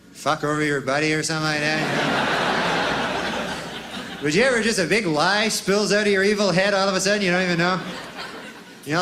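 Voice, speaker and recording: A man doing a stand-up routine in a drawling, deadpan way, with rambling asides. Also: a little high. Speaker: stand-up comedian. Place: comedy stage before a live audience. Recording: live club recording with audience laughter and noise.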